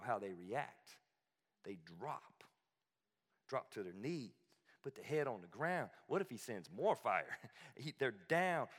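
Animated joking preacher, man, big hall. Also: mid-range voice. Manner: animated, joking, laughs often. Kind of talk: humorous sermon storytelling.

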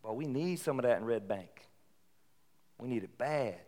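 A man preaching a sermon in a casual, conversational way that rises into animated bursts. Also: medium pitch, normal speed. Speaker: pastor. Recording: long hall reverb.

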